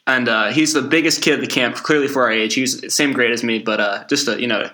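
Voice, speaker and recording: A man's voice: medium pitch, steady tone, fast talker, pushed and bright. A young man co-hosting a casual podcast, telling stories in a laid-back way and saying "dude" often. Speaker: podcast co-host. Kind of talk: casual storytelling.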